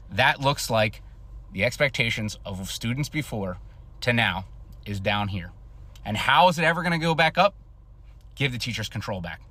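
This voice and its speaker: A man's voice: medium pitch, pushed and bright. A man speaking earnestly to camera about teaching stress, laying out his points like a lesson. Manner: earnest, lecturing. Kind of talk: commentary to camera.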